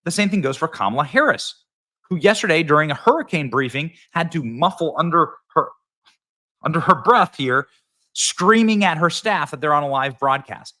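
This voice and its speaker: A man's voice: fairly high pitch, lively intonation, moderate pace, sharp tone. A man hosting a political commentary show, talking in a mocking, punchy, sarcastic way.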